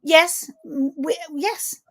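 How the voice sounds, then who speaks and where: A middle-aged woman, a film director, chatting as a guest on a video call interview in an animated, expressive way, often restarting her sentences. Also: high voice, very slow, no room sound, studio quality. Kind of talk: casual interview chat.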